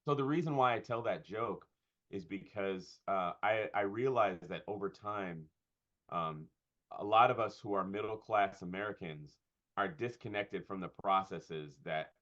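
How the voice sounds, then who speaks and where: A man with a lowish voice talks through ideas in a relaxed interview, circling back with frequent fillers and restarts. The recording sounds dull and lo-fi. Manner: thoughtful, halting with fillers and restarts. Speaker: pastor and comedian. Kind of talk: conversational interview.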